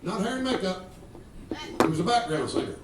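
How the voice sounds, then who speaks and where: This stand-up routine comes from a man in his 50s whose high voice is expressive and brisk as he swears, teases the audience, and spins drawling stories. The recording is very noisy, with roomy, distant club sound, guitar, and audience laughter.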